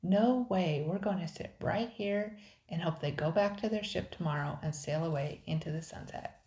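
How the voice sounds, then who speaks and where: A woman's voice: lowish voice, normal speed, warm tone, echoey room, natural voice. An older woman voicing Jasper, an anxious boy and older brother in a storybook. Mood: panicked. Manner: nervous, protesting.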